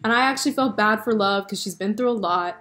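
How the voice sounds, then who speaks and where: A woman's voice: mid-range voice, quick pace. Chatty young woman vlogger. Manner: chatty, animated, lots of fillers and laughs. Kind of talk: casual chat about a TV show.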